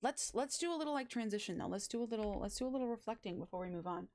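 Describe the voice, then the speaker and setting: A woman's voice: a little high, animated, racing, darkish tone. Gushing, rambling young woman streamer. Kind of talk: casual game stream chat. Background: faint background music.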